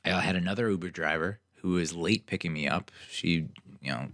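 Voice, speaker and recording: A young man with a very deep voice tells stories on his podcast, casual and sarcastic. He keeps it animated and slips into mocking versions of the people he met. The sound is dry and close. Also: a little fast, no echo. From New Jersey. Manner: animated, sarcastic, acts out other people's lines. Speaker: podcast host. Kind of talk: casual solo storytelling.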